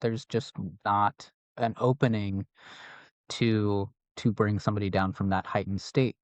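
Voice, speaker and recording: A man co-hosting a podcast discussion, speaking in a reflective, measured way. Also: fairly low pitch, steady tone, dry recording. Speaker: podcast co-host. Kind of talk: casual panel discussion.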